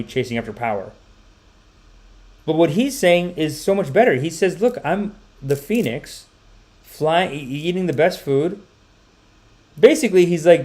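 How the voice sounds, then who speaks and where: Profane, animated male podcast host. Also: on the high side. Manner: animated, profane, mocking voices of others. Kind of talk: ranting commentary podcast.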